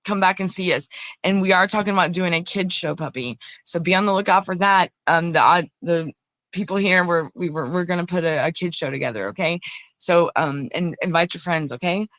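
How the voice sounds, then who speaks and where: A woman's voice: lowish voice, fairly quick, a bit bright, dry recording. A woman hosting a casual livestream talk show, chatty and rambling, talking straight to her viewers.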